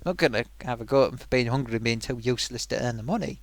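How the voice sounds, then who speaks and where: A man's voice: mid-range voice, racing, dry recording. A man hosting a live stream, chatting casually and rambling, laughing often. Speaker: livestream host.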